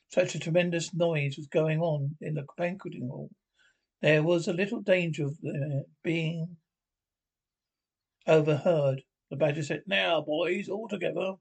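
A man's voice: on the high side, a little mellow, slightly rough, rough recording. A man reading a classic children's story aloud, with frequent slips and restarts. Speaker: reader.

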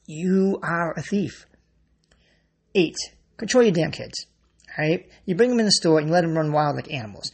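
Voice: medium pitch, creaky, husky. A grocery store worker giving a blunt, exasperated rant to the camera and swearing freely. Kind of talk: ranting monologue to camera.

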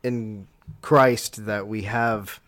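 A man's voice: on the low side, steady tone, drawn-out words, fairly bright tone. A man in casual religious discussion, reflective and searching for words.

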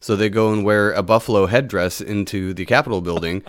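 A man's voice: fairly low pitch, brisk, dry recording, studio quality. A man co-hosting a casual podcast chat, talking in a rambling, blunt and wry way. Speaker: podcast co-host.

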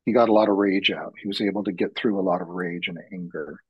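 A husky-voiced man talks earnestly and reflectively about his work guiding men's retreats. His voice sits at an ordinary male pitch, and he lets his stories build slowly. The recording is dry and a little dull. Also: no room sound. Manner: reflective, heartfelt, slow-building. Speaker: podcast guest, men's retreat facilitator. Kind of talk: earnest personal storytelling.

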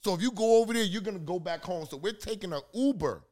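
A man with a New York accent from Queens, cursing freely and telling animated stories in a heated podcast debate. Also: sits high, fast talker. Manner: profane, animated storytelling. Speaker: podcast co-host.

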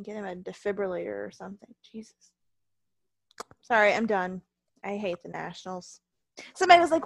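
A woman's voice: mid-range voice, animated, brisk, creaky, pauses often, no room sound. A tired, ill woman co-hosting a casual wrestling podcast, ranting heatedly and swearing a lot. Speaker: podcast co-host.

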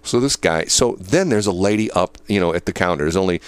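A man hosting a casual chat, telling a story in an animated way with many fillers. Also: deep voice, a little fast, clear, resonant tone, no room sound.

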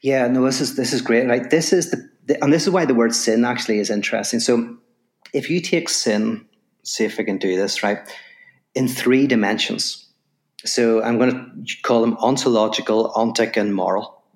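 A man who is a philosopher and guest on a podcast interview, telling a story and explaining ideas in quick, animated bursts with frequent "right?" asides. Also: mid-range voice.

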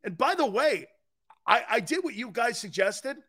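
A man's voice: very high-pitched, moderate pace, slightly rough. A middle-aged man hosting a sports talk show, arguing his takes in an emphatic, opinionated way with little chuckles. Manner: animated, emphatic, argumentative with chuckles.

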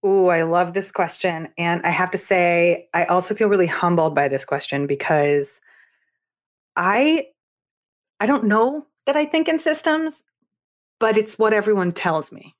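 A woman talking as a podcast guest, candid and animated, laughing easily and restarting her sentences. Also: on the low side, a little slow. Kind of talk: candid conversational interview.

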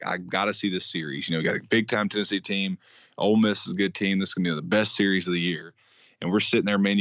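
A man's voice: sits low, a bit bright, dry recording. A man co-hosting a sports podcast, chatting casually in a rambling, self-deprecating way with lots of fillers. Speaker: podcast co-host. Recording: dry, dull lo-fi sound.

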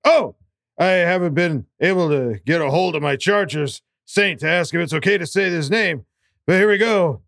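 A man's voice: on the high side, moderate pace, no echo, clean studio sound. A man hosting a casual sports fan podcast, reading out listener questions with frequent laughs. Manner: lively, laughs often, reads questions in a set formula.

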